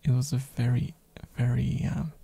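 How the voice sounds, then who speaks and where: An ASMR streamer rambling in a soft-spoken way, hoarse from a throat infection, with lots of fillers and little giggles, close on a binaural mic. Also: medium pitch, flat delivery, moderate pace, no echo.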